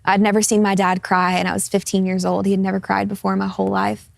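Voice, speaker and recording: A woman's voice: medium pitch, level tone, fast talker, creaky, no echo. A woman in her twenties, a talk show guest, sharing her personal testimony in an earnest, open way. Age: 20s. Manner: earnest, open, laughs easily in light moments. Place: television studio.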